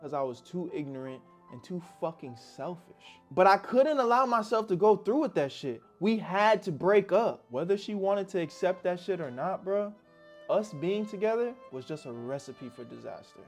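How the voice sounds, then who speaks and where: A man's voice: high voice, big pitch swings, moderate pace, faint music behind. A young man narrating a personal story in a candid, slangy, reflective way. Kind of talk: casual storytelling.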